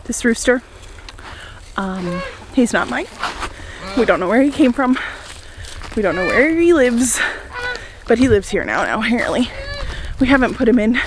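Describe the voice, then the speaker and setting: A young woman, a flower farmer and homesteader, vlogs casually to the camera outdoors in her flower garden, upbeat and often laughing. Her fairly high, expressive voice moves at a moderate pace with long pauses, she sounds a little out of breath, and background noise is audible.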